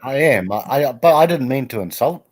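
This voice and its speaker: Brief: forties New man, casual stream chat, lively swooping voice, laughs off the teasing, rambles. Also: medium pitch, brisk, husky. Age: 40s. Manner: laughing, protesting, rambling anecdotes. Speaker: regular on a livestream chat.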